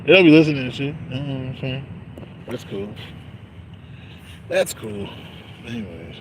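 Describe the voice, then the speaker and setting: A man's voice: mid-range voice, animated, normal speed, noisy background. A young man talking in a casual, rambling monologue, slangy and profane, laughing often. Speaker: vlogger.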